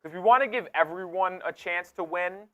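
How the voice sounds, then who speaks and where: A young man co-hosts a live sports stream, reading out viewer messages in a casual, energetic way. His voice is smooth, clear and a little high, and he breaks into loud, excited bursts. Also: normal speed, lo-fi sound.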